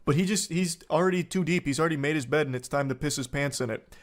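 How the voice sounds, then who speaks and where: A man's voice: on the high side, fast talker. Sarcastic man doing a stream commentary. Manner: sarcastic and incredulous, swears freely. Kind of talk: live-stream commentary reading text messages aloud.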